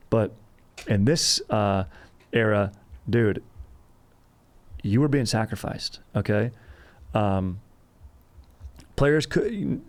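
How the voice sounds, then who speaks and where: A man's voice: mid-range voice, a little mellow. A man hosting a history podcast in a loose, jokey way, full of fillers and crude asides. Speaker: podcast host. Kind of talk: casual history podcast chat.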